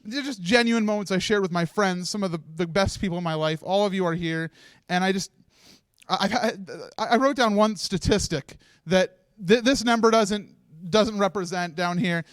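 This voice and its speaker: High-voiced man giving a tearful speech. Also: clean tone, dry recording. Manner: halting, many restarts, laughs through tears. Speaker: marathon organizer giving closing speech. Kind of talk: emotional live speech. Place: stage set of a charity marathon livestream.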